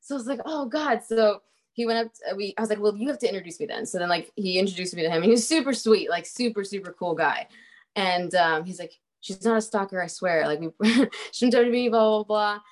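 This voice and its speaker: A woman's voice: mid-range voice, a little fast. A young woman telling a story in a casual chat, laughing often and swearing freely, with lots of fillers.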